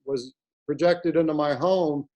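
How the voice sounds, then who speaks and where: Rambling, earnest male guest in his forties, slightly high voice. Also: fairly even intonation, unhurried, a little mellow, muffled recording. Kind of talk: casual conversation.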